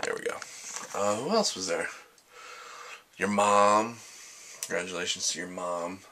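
A man's voice: sits low, measured pace, sharp tone. A young man vlogging casually, joking, rambling and making fun of himself. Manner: joking, rambling, self-mocking. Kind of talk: casual vlog.

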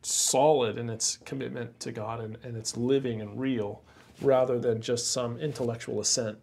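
A man with a gravelly, husky voice talks casually on a podcast. He tells stories in an animated way and drops in slang like "bro.". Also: medium pitch, moderate pace. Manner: animated storytelling, says "bro" and "crazy". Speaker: pastor and podcast host.

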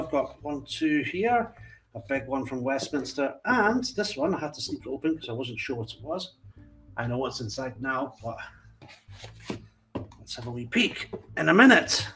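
A Scottish man chatting casually in a vlog as he opens his fan mail, with frequent warm exclamations and asides to his cat. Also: mid-range voice, animated, moderate pace, recorded from a distance, soft background music. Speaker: coin collecting channel host. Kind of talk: casual vlog chat while opening mail.

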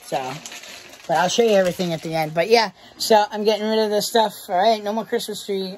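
A woman's voice: mid-range voice, steady tone, fairly quick, darkish tone, a little hiss or hum. A woman from the United States talking to viewers in a casual vlog, blunt and heavily profane. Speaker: vlogger. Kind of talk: casual vlog talk to camera.

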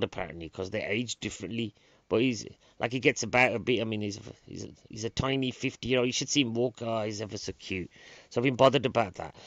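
A man, a comedian, rambling through a chatty podcast monologue in a deadpan way that drifts into mock outrage. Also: lowish voice, no echo. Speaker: stand-up comedian and event promoter. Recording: dry, dull lo-fi sound.

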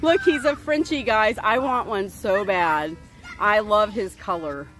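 A woman's voice: mid-range voice, measured pace, fairly bright tone, soft background music, rough recording. A woman filming her dog in a yard, cooing and gushing over a puppy and laughing often. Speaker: dog owner vlogger. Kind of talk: casual home video chat. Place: outdoors in a yard.

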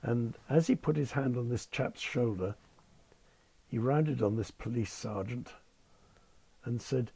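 A man's voice: mid-range voice, unhurried, gravelly, long pauses, warm tone, slightly rough. An older man, a retired airline captain, telling wry, understated anecdotes in an interview. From United Kingdom. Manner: wry, understated storyteller, polite British phrasing. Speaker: retired Concorde captain, guest.

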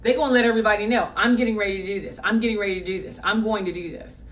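A woman's voice: medium pitch, fairly even intonation, rapid-fire, far from the mic. Emphatic woman coach telling a story. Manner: emphatic and blunt, repeating points for force. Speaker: business coach. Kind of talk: motivational storytelling.

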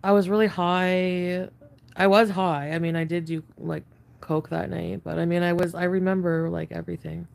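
A woman venting to camera in a rambling, profane confessional rant. She says she is high on an edible, and her speech is full of fillers and restarts. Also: level tone, brisk, gravelly, a little mellow. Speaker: online video creator.

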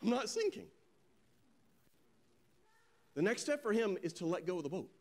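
Lively high-pitched preacher man. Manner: animated storytelling, voices quoted characters; slow solemn scripture reading. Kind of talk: sermon.

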